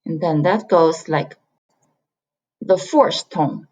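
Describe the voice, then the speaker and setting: A woman's voice: deep voice, slow, a little mellow, breathy edge. A woman from China, teaching a beginner pronunciation lesson and patiently repeating sounds to model the tones. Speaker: Chinese language teacher. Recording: slightly dull lo-fi recording.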